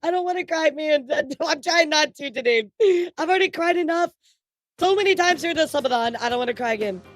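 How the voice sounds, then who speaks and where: A young woman streaming live, excitedly thanking viewers, laughing often and swearing. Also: high-pitched, brisk, no echo, studio quality.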